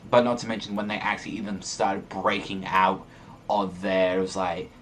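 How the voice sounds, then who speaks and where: Young man, excitable manga reaction host, swears a lot, rambling run-on sentences, faint hiss behind. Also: low voice, normal speed. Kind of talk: excited casual reaction monologue.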